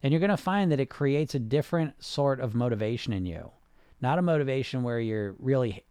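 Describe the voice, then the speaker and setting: A man's voice: mid-range voice, lively intonation, fairly quick, dark tone, clear, resonant tone, no echo. A man hosting a casual coaching talk on weight loss who speaks conversationally, restarts his sentences and keeps tagging them with "right?". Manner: reads viewer comments aloud. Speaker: weight loss hypnotist and podcast host.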